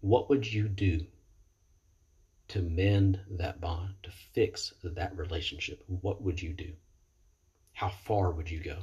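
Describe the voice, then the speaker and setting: A man's voice: deep voice, steady tone, slow pace, long pauses, warm tone, slightly rough, highs cut off. A man in recovery giving an earnest, reflective motivational talk into a computer webcam, often stopping to repeat his words. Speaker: person in recovery sharing experience. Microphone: computer webcam mic.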